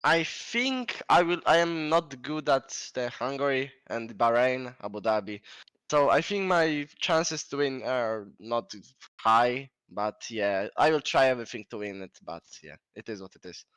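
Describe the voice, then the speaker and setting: Modest male sim racer, clear voice. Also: mid-range voice, expressive, a bit bright, no echo. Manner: short, modest, slightly halting answers. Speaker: race winner being interviewed. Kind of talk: casual post-race interview.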